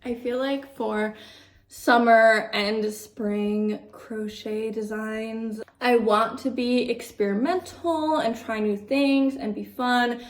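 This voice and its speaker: A young woman chats about her crochet makes in a casual, upbeat way, filling her sentences with easy fillers. Her voice sits fairly high. The room around her sounds roomy and echoey. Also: fairly even intonation, slow pace. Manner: chatty, filler-heavy, upbeat. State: out of breath. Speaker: crochet vlogger. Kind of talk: casual chat.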